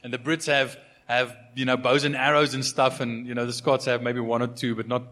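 A man's voice: mid-range voice, little pitch movement, a little fast, a bit bright. A man from Africa, preaching a sermon in a conversational way, full of fillers and restarts. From South Africa. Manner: conversational, many fillers and repeated starts. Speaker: pastor.

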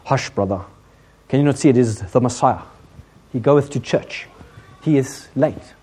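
A man putting on pompous hushing disciples. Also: mid-range voice, a little slow, a little hiss or hum, natural voice. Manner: fussy, self-important, hushing. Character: pompous mock-pious male disciples speaking olde English.

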